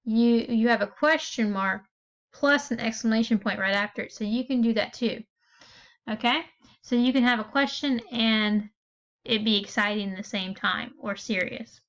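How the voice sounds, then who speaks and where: A woman teacher walks her class through a writing lesson in a patient, step-by-step way, checking in often to make sure they follow. Her voice sits a little high. The recording is somewhat dull and lo-fi. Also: normal speed, fairly bright tone.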